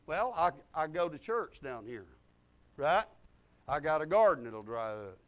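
An older man preaching a sermon, folksy and exuberant, breaking into loud outbursts. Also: fairly high pitch, very animated, a little slow. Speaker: pastor.

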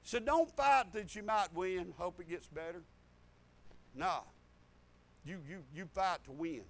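An older man preaches a folksy sermon, rambling through stories with laughter and hallelujahs. His voice is high-pitched and a bit bright, and his pace is measured.

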